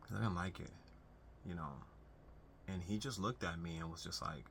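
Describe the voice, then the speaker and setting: Deep-voiced young man giving earnest advice. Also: moderate pace, creaky, pauses often, a bit bright, slight background noise. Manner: earnest, conversational, many restarts and asides. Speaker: self-help video host. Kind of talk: unscripted advice talk to camera.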